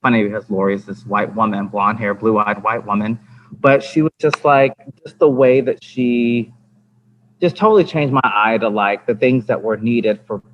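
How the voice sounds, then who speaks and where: A man's voice: on the low side, moderate pace. A man and dance teacher on a podcast chatting casually, rambling with lots of fillers and restarts. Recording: slightly dull lo-fi with faint ambience.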